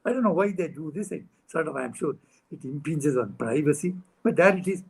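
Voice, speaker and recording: Husky man telling a story. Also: a little high, brisk, rough recording. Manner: animated anecdote telling with chuckles and acted-out dialogue. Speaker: guest speaker. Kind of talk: storytelling talk. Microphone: video call.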